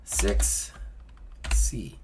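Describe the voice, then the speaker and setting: Heavy background noise surrounds a man who speaks very slowly as he hosts a solo gamebook session. He reads the text aloud, then pauses to crack casual jokes.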